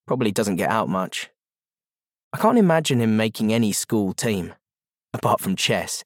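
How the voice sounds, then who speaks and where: A man's voice: on the low side, very animated, normal speed, no room sound, studio quality. A man reading a first-person audiobook narration in a terse, wry, matter-of-fact manner.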